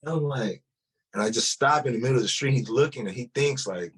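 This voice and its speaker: A man's voice: mid-range voice, fast talker, fairly bright tone, husky. A man telling his personal testimony in a loose, conversational way, often restarting and filling with "like". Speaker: testimony speaker.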